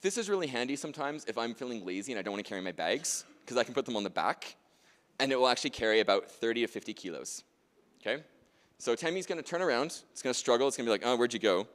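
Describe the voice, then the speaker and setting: A man's voice: medium pitch, lively intonation, fast, a bit bright. Jokey male presenter in a reverberant hall. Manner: chatty, jokey, often adds "right?" and "okay?". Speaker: workshop presenter and researcher. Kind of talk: lively conference demonstration talk.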